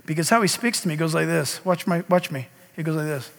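A man preaching a sermon as pastor, animated and acting out conversations, swinging from hushed to shouting. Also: fairly high pitch, fast, creaky, in a large hall. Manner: animated, acts out dialogue, shifts from hushed to shouting.

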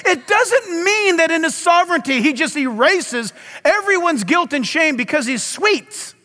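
A middle-aged male pastor preaching a sermon with impassioned, loud delivery and dramatic swings in a large church hall. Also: very high voice, expressive, measured pace.

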